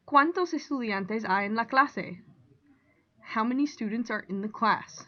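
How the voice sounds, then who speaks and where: A woman Spanish teacher explaining grammar in a clear, deliberate way, reading out example sentences and translating them. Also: on the high side, muffled recording. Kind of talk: recorded classroom lesson.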